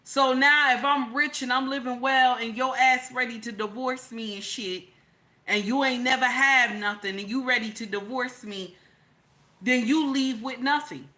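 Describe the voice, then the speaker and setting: A middle-aged woman giving opinionated livestream commentary, blunt and preachy, with profanity sprinkled through. Her voice sits a bit high and rings bright and forceful. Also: steady tone, moderate pace. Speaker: livestream host.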